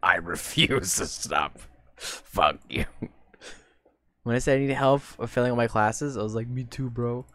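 A young woman streamer giving profane, mocking reaction commentary, with loud bursts of laughter and sudden shouting. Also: rumbling low, big pitch swings, a little slow, pauses often, no room sound.

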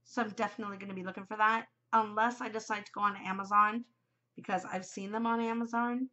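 A woman's voice: mid-range voice, steady tone, fast talker, bright, forceful tone, lo-fi sound. A middle-aged woman hosting a podcast, chatting casually and giggling, easily distracted. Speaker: podcast host. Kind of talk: casual chat to camera.

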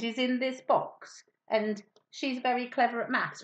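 A woman teaching young children a maths lesson with a puppet, in a sing-song, encouraging manner with hushed asides, on a dull lo-fi recording. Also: fairly high pitch, lively intonation, takes it slowly.

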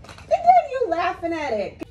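Woman, very high voice, lively swooping pitch, slow unhurried coaxing, encouraging mother at play. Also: roomy sound, muffled recording, slight background noise. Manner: coaxing, encouraging, repeats short cheers. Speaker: mother vlogger. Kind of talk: coaching her young child through play.

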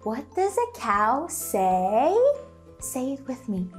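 Woman teacher for a toddler lesson. High, bouncy voice, extremely slow and drawn out, with faint music behind. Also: very animated. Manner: exaggerated, cheerful questioning, drawn-out words. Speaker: children's teacher. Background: faint background music.

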